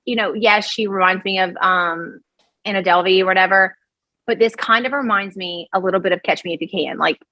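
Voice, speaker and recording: A woman from Louisiana with a Cajun accent, a podcast guest telling a story in an animated, rambling way. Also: medium pitch, a little fast, dry recording, lo-fi sound. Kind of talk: casual storytelling chat.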